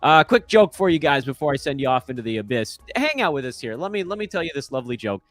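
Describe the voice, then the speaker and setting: A man's voice: medium pitch, big pitch swings, quick pace, a bit bright, no echo, faint music behind. A man in his thirties hosting casual commentary into a microphone, offhand and self-deprecating. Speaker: host.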